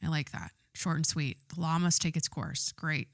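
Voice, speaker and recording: A woman's voice: sits low, animated, moderate pace, no echo, studio quality. A woman podcast host chatting casually as she reads out news items and reacts bluntly, swearing and often stopping to correct herself.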